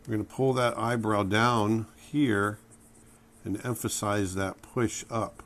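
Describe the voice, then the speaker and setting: A man with a lowish voice talks through a drawing lesson as he works. He is relaxed and thinks aloud, naming each stroke as he makes it. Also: takes it slowly. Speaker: drawing instructor. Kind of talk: drawing tutorial narration.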